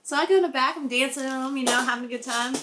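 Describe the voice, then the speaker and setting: A woman's voice: high voice, rapid-fire, bright, forceful tone. A young woman co-hosting a podcast, telling a story bluntly and swearing a lot in casual chat. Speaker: podcast co-host, dancer.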